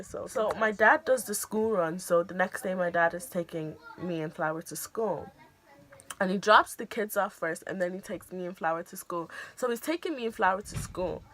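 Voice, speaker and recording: A young woman vlogger telling a personal story in a casual storytime, animated and acting out the voices she quotes. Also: medium pitch, a little hiss or hum. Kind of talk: storytime vlog.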